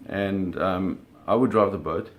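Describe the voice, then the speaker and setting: A middle-aged man casually telling a story, animated, with sound effects and acted quotes. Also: sits low, unhurried. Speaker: storyteller recounting a fishing trip.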